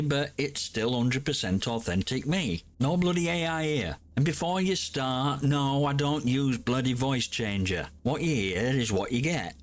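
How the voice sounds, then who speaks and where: A middle-aged man with a thick Yorkshire accent holds forth in a scripted gaming vlog. He is grumpy, blunt and sarcastic, and his voice sits at an ordinary male pitch. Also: lively intonation, normal speed, few pauses. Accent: broad Yorkshire. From Yorkshire, England. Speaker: gaming YouTuber.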